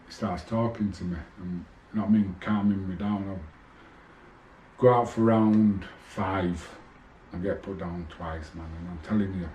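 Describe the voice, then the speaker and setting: A man's voice: deep voice, steady tone, a little slow, warm tone, lo-fi sound, a little hiss or hum. A man, a former boxer bluntly telling stories from his career in a rambling, swearing way. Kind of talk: casual monologue to camera. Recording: echoey room.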